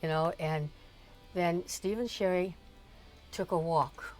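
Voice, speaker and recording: A woman's voice: fairly low pitch, takes it slowly, darkish tone, faint music behind. An older woman, the host's mother, telling a long personal story in casual chat, with many restarts and small laughs. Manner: chatty, rambling, frequent restarts and laughs. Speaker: streamer's mother, guest.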